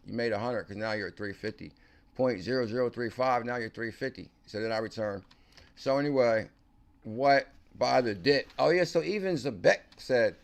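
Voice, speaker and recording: A man hosting a casual crypto livestream, excitable and slangy, talking to viewers by name. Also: fairly low pitch, moderate pace. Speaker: crypto channel host.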